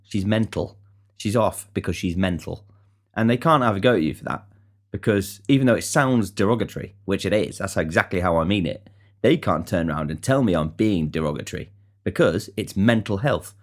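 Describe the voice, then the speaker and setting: A man's voice: low voice, fairly quick. A young man talking bluntly in a casual podcast monologue, ranting and swearing freely. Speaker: podcast host.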